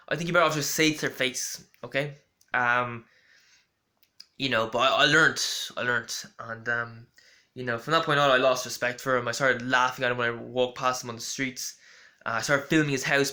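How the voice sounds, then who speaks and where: A man's voice: mid-range voice, pushed and bright. A young man rambling through a casual storytelling monologue with lots of fillers and restarts. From Ireland. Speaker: vlogger.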